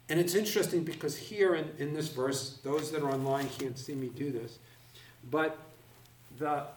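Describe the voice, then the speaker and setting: A man teaching a Bible class to a live audience, carefully explaining the meaning of words one at a time. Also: fairly high pitch. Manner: deliberate, explaining word by word. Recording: roomy, recorded from a distance.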